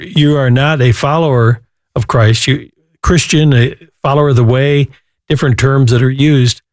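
A man's voice: medium pitch, a little mellow, dry recording. A man hosts a Christian call-in radio show. He speaks earnestly in a mid-range voice and slips into short sermons between calls. The sound is dry and close-miked. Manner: earnest, preachy, repeats words.

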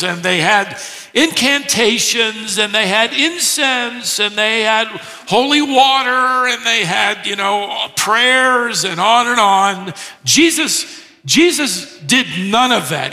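Male preacher, emphatic teaching delivery, very bright tone, rhetorical questions. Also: high-pitched, big-room sound. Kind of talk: expository sermon.

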